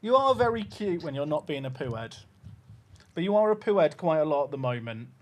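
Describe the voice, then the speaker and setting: A man's voice: a little high, big pitch swings, fairly quick, dry recording. A man live-streaming and chatting casually, rambling and cutting himself off mid-word, cooing at his puppy between remarks. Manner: rambling, chatty, self-interrupting; coos affectionately at his puppy.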